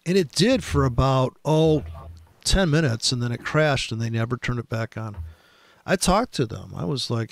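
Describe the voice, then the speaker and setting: A mid-pitched man with a gravelly, creaky voice, chatting casually as a host. He rambles through profane stories, breaking off and restarting. The sound is close and dry. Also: expressive, moderate pace, dry recording. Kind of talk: casual chat.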